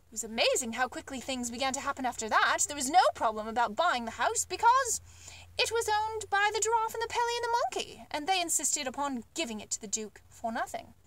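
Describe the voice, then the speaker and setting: Woman reading a kids book out loud, high voice, super lively and sing-song. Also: fairly quick. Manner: expressive, animated storytelling. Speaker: storyteller. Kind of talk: reading a children's book aloud.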